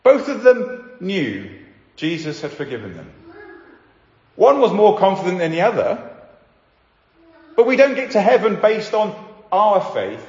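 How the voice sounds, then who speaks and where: A man delivers a sermon with earnest emphasis, often slowing down to stress key points. His fairly high voice swings widely in pitch. He is recorded in a large hall with a long, roomy echo. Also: huge pitch swings, a little mellow. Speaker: preacher. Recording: echoey hall, slightly dull sound.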